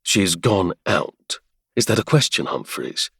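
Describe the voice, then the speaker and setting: A man voicing a stern, impatient aristocratic lord who speaks gruffly and sarcastically. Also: low-pitched, sing-song, a little slow, a bit bright, no echo, studio quality, exaggerated voice. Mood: grim, stern.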